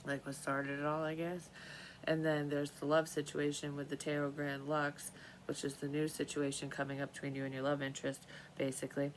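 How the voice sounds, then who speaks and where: Woman w/ a deep voice going a bit hoarse, rambly tarot vlog chat, swears casually, faint hum behind. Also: completely flat delivery, brisk, rough recording. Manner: rambling, profane, self-interrupting. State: losing her voice, clearing throat and coughing. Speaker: tarot reader vlogger.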